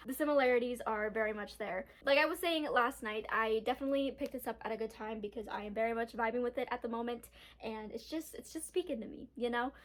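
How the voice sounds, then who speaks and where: A woman's voice: fairly high pitch, fast talker. A young woman chatting casually in a reading vlog, bubbly and giggly, with lots of filler words. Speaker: book vlogger.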